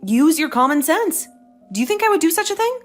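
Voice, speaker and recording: Over faint background music, a woman with an extremely high, very animated voice speaks fairly quickly as a young wife holding her ground. In this dramatized story dialogue she sounds indignant, defiant, and sarcastic.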